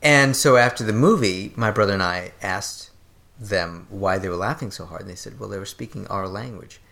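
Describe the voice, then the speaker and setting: A woman's voice: a bass voice, moderate pace, creaky, fairly bright tone. A woman co-hosting a podcast, bantering playfully and joking in casual chat. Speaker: podcast co-host.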